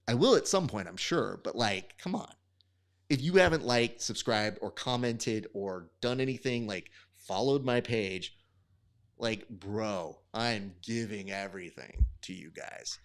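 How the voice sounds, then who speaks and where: Young guy streaming sport commentary, casual and cussing, smooth resonant voice. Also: on the low side, unhurried. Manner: casual, chatty, profane banter. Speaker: host.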